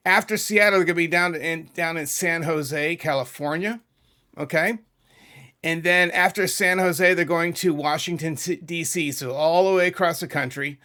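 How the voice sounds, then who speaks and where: A slightly high, sharp-toned voice belongs to a middle-aged New Englander hosting his YouTube music channel. He chats casually while talking over a map, rambling off into asides and correcting himself.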